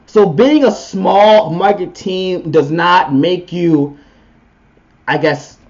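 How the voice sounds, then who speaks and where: High-voiced man ranting about sports. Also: takes it slowly, dull audio. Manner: opinionated, blunt, riled up. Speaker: podcast co-host. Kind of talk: casual sports talk rant.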